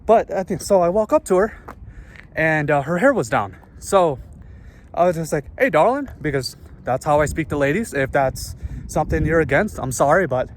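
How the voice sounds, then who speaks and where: A man's voice: a little high, normal speed, slight background noise. A man ranting casually to camera, out of breath after a workout, rambling and swearing, recorded through earbuds. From northern United States. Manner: rambling, profane, self-interrupting. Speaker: vlogger. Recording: voice picked up through earbud mic.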